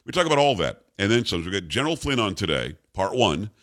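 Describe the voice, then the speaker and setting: A man's voice: on the low side, very animated, quick pace, fairly bright tone. A man hosting a talk radio show, rambling and jokey, chatting casually with his co-host. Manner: rambling, jokey, self-congratulating.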